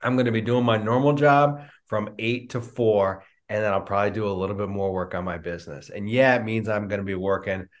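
A middle-aged man, a business coach, answering interview questions with lively storytelling and acted-out dialogue over a video call. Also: on the low side, fairly quick, few pauses. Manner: animated storyteller, acts out quoted dialogue. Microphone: remote video call.

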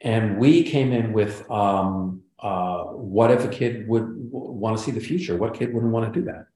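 Deep-voiced older man telling lively stories. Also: moderate pace. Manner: animated, acts out quoted lines. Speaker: guest, sitcom writer and producer. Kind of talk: casual interview storytelling. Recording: roomy echo.

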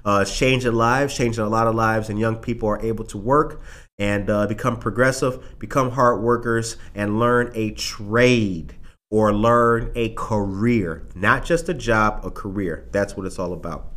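A man's voice: lowish voice, fairly even intonation, measured pace, a bit bright. A man hosting a casual live talk show, emphatic and fond of repeating phrases for punch. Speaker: show host.

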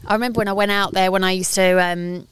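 A woman's voice: medium pitch, fairly even intonation, fast talker, fairly bright tone, clean tone. A woman from the UK co-hosting a podcast outdoors, chatting casually with lots of fillers and laughter. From United Kingdom. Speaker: podcast co-host. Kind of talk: casual chat. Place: outdoors in a garden.

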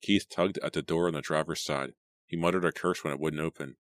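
Very deep-voiced man narrating a horror book. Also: fairly even intonation, brisk, a bit bright, dry recording, studio quality. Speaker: audiobook reader. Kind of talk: first-person horror novel narration.

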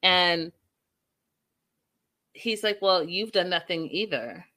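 A woman recapping a reality show in a casual, animated, gossipy way, talking straight to her viewers. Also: fairly low pitch, slow. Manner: animated, gossipy storytelling, addresses viewers directly.

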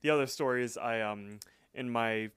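A man co-hosts a casual podcast, walking through a cartoon episode scene by scene and tossing in the characters' lines as he goes. His voice is smooth and clear at a middling pitch. The sound is dry and close. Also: a bit bright, no room sound. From England. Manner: retells scenes with quick quoted lines, loose and chatty. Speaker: podcast co-host. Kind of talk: casual recap chat.

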